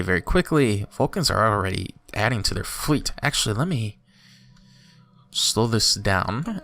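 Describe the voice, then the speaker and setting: Male YouTuber, let's play commentary; bright tone, swooping pitch, excited outbursts. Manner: chatty, thinking aloud, bursts of excited exclaims. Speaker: YouTuber playing a strategy game.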